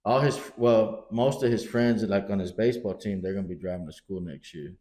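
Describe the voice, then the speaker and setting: A man's voice: on the low side, a little fast. A middle-aged man co-hosting a podcast, telling family stories in casual chat, swearing often and acting out what people said. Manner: animated storyteller, swears often, acts out quotes. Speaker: podcast co-host. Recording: roomy echo.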